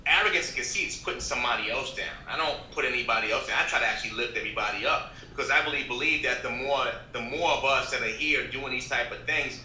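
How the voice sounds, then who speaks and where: This radio host, guesting on a podcast, speaks fast with few pauses, his medium-pitched voice sharp in tone. His casual interview talk is earnest and motivational yet rambling, full of restarts. There's a roomy echo and faint noise in the background.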